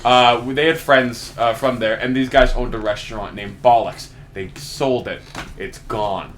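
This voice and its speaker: Young man, casual podcast chat, rambling, swears a lot, bright voice, light background noise. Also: medium pitch, steady tone, measured pace. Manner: rambling, swears a lot, laughs through stories. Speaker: podcast co-host.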